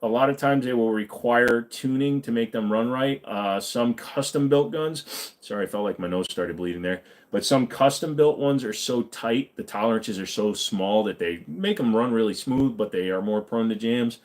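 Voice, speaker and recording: A man's voice: on the low side, normal speed, hardly any pauses. A man hosting a firearms channel, answering viewer questions in a laid-back, rambling way with casual swearing. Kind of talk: casual livestream Q&A.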